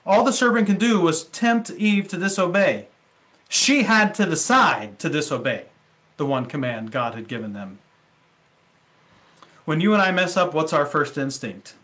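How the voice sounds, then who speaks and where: A man's voice: fairly high pitch, animated, measured pace, a bit bright. A male pastor preaching a sermon in a conversational way, with rhetorical questions and casual asides.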